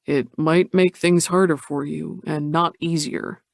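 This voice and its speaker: A woman voicing a calm, caring young businessman in an audiobook, keeping her voice low and reassuring. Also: unhurried, vocal fry, no room sound, clean studio sound.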